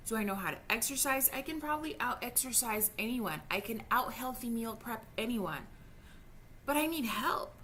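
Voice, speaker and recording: A woman's voice: on the high side, expressive, normal speed, pushed and bright, a little hiss or hum. A woman in her thirties venting frankly in a personal vlog, heated and swearing freely, stumbling over her words when upset. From Jamaica. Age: 30s. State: upset and frustrated. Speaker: vlogger. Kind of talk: emotional personal vlog rant.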